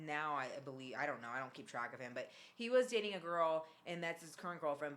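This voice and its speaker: A woman hosting a podcast, telling a story in casual chat with lots of fillers and free swearing. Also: medium pitch. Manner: animated, swears freely, many fillers. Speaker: podcast host.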